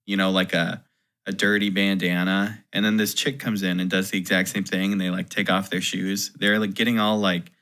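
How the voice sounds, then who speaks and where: A man's voice: deep voice, level tone, normal speed, pushed and bright. A man, a touring musician, telling a story in casual podcast chat, rambling and full of "like". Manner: rambling, heavy use of "like".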